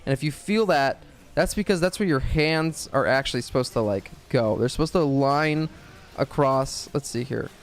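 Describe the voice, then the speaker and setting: A young man streams a video game, chatting in a rambling, crude, joking way packed with swearing. His voice is mid-range and his pace moderate.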